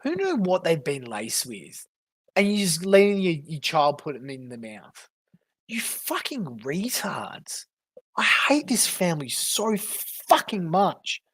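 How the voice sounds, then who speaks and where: A woman talks on a casual reaction stream in a slow, husky voice that leaps up and down in pitch. She rants with angry profanity, irate and exasperated. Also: big pitch swings. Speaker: livestreamer.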